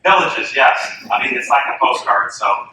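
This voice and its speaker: A man, a softball coach, tells an animated story to an audience and acts out each voice he quotes. His voice is bright and forceful. He sounds a little far from the mic in a big, echoey hall with faint room noise. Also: medium pitch, moderate pace. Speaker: softball coach giving a talk.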